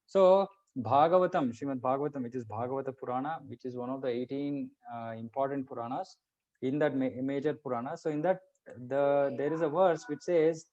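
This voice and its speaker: A man's voice: mid-range voice, brisk, a little mellow. A man teaching a conversational scripture class. He explains patiently and keeps checking in with his listeners. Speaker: Bhagavad Gita teacher. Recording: muffled lo-fi recording.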